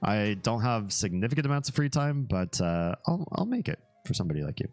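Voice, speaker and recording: A man's voice: fairly low pitch, big pitch swings, fairly quick, darkish tone. A man hosting a casual livestream, chatting with his viewers and reacting to a web page in an easygoing, rambling way. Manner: easygoing and rambling, drifting into asides and small laughs. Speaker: livestream host.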